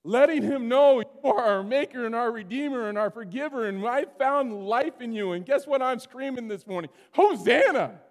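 Animated high-voiced male pastor preaching. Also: normal speed, hardly any pauses. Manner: animated, swings from loud exclamations to hushed asides. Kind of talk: sermon. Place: church sanctuary. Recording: long hall reverb.

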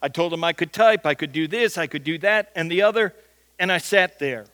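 A man preaching a sermon in a high, light voice. He moves between storytelling and Scripture teaching in an emphatic, conversational way. He often repeats a word as he starts a phrase. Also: a little fast, a bit bright. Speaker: pastor.

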